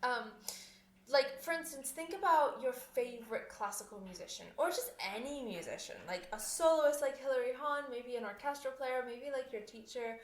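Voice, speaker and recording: Young adult woman, chatty podcast host, rambling and laughing, slightly high voice, echoey room. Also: normal speed. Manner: chatty, rambling, frequent fillers and restarts, laughs often. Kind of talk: casual solo podcast talk.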